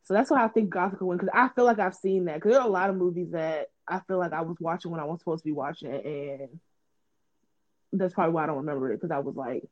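A woman co-hosting a casual chat, telling animated, swearing stories with friends. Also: on the low side, fast. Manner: animated storytelling, swears freely. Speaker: podcast co-host. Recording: dull lo-fi sound.

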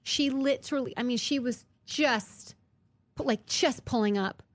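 Young woman, chatty co-host, stop-start storytelling, slightly high voice. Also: dry recording. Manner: animated storyteller, halting restarts. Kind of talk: casual chat.

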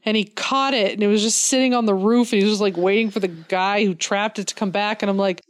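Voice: medium pitch, fairly even intonation, fast talker, smooth. A co-host chatting casually about a comic book, chiming in with playful asides. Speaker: podcast co-host.

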